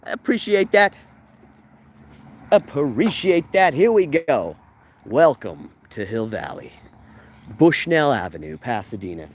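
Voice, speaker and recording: A man from Canada giving a casual live walking tour of filming locations outdoors, chatting excitedly with his viewers as he goes. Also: mid-range voice, measured pace, slight background noise. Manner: excitable, jokey, talks to viewers while walking. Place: outdoors on a residential street.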